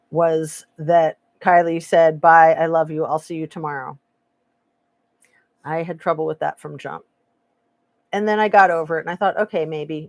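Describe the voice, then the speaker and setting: A woman's voice: lowish voice, dry recording. A woman hosting a casual true crime live stream, sarcastic and opinionated, reading chat aloud. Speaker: true crime commentary host.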